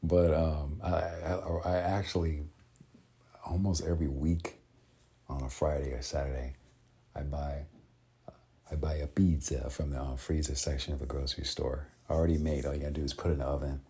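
A man vlogging in a casual, rambling way, with many pauses and restarts. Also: a bass voice, steady tone, dark tone, husky. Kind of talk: casual chat.

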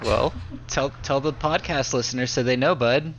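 A man with a gravelly voice trading wisecracks and profane banter on a podcast. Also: medium pitch, moderate pace, over a noisy crowd. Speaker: podcast co-host. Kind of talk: casual chat. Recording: dull lo-fi audio.

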